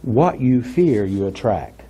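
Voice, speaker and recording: Guy telling a story to a crowd, voice goes all over the place, kinda husky. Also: medium pitch, slow pace. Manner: animated storyteller, acts out what people said; asks the audience questions. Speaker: workshop speaker. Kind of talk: storytelling talk to an audience.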